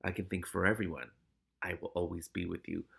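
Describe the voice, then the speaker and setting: A man's voice: deep voice, little pitch movement, a little fast, vocal fry, a bit bright, slightly rough, pitched below the performer's own voice, exaggerated voice. A man voicing Spider, a sinister male rat spirit who speaks inside a cat's head in a hissing, eerie, menacing way.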